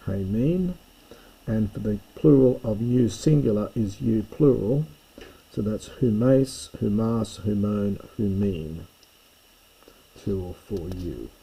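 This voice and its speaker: A man's voice: on the low side, measured pace, gravelly, mellow, a little hiss or hum, low-quality recording. A man teaching a recorded language lesson, explaining forms step by step in a methodical way. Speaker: Greek teacher. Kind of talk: recorded lecture.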